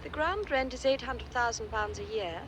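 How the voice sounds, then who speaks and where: A woman's voice: a little high, lively intonation, normal speed, noisy background, close to an everyday voice. An actress playing a spoiled, careless rich young woman in film dialogue. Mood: aloof.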